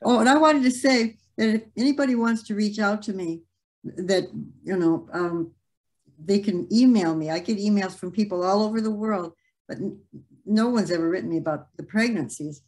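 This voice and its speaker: A woman's voice: mid-range voice, moderate pace, a little mellow. A woman guest in a casual interview, laughing and self-deprecating. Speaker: guest speaker.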